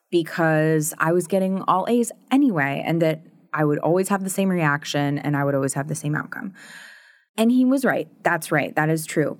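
A woman in her thirties speaks in a low, candid voice on a podcast. She chats with frequent laughs and many fillers, and the close recording sounds dry. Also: dry recording. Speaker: podcast co-host. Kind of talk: casual conversation.

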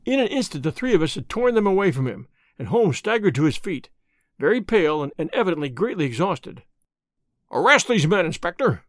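A man narrating a detective story in an animated, dramatic reading. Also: sits high, quick pace, dry recording, studio quality. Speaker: audiobook narrator.

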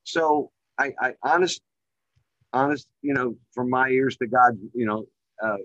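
A man's voice: unhurried, no room sound. Man, middle-aged, casual storytelling guest, rambling, lots of fillers, muffled call audio. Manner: rambling, heavy on filler phrases; gets excited and louder at high points. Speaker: guest, real estate developer. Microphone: remote call microphone.

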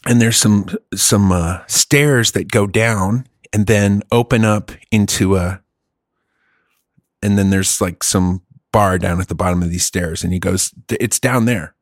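A man's voice: low voice, fairly even intonation, unhurried, no echo, studio quality. A middle-aged man telling a long story in a casual chat, rambling, swearing and laughing often.

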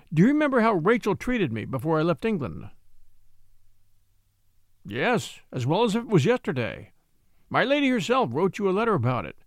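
A man's voice: high-pitched, no room sound, clean studio sound, full character voice. A man reading an audiobook, voicing an elderly male servant who is stern, proud and stubborn. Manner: stern, insistent pleading.

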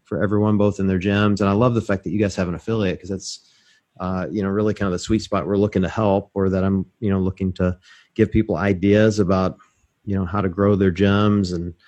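A man with a lowish voice hosts a relaxed podcast chat over a video call. He rambles through long, self-deprecating stories and chuckles along the way. He is from Mississippi. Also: fairly quick, dull audio. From Mississippi, USA. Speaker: podcast host. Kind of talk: casual interview chat.

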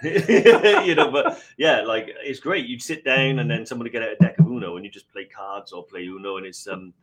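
A man with a somewhat low voice, talking casually with a friend. He tells stories in a light, jokey manner and laughs often. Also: fairly even intonation, a little fast. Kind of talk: casual chat.

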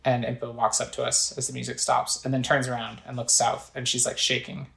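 A woman's voice: a bass voice, flat delivery, a little fast, gravelly, a bit bright, reverberant, low-quality recording. A woman casually playing a video game, chatting about what's on screen and reading text aloud. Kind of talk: casual let's play commentary.

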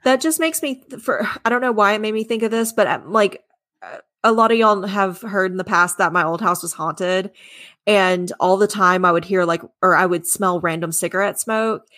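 A woman's voice: medium pitch, moderate pace, a bit bright, dry recording. A woman co-hosting a casual podcast, reading listener stories and chatting, laughing often and swearing casually. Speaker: podcast co-host.

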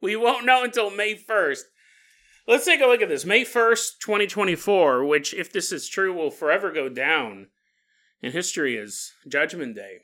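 A man hosting a podcast, telling a joking story with frequent laughs in a playful, animated way. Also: sits high, normal speed. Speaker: podcast host. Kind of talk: comedic storytelling monologue.

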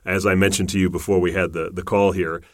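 A man's voice: low voice, flat delivery, fast, no echo, clean studio sound. A man hosting a podcast interview, enthusiastic and emphatic, his voice rising at his points. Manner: enthusiastic, emphatic, building up to loud punchlines. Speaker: podcast host.

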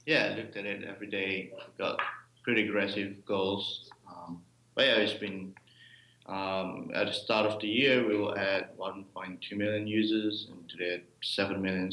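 A man with a low voice that still sounds bright and sharp answers briefly and plainly about growth numbers. The room around him is roomy and echoing. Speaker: growth marketer.

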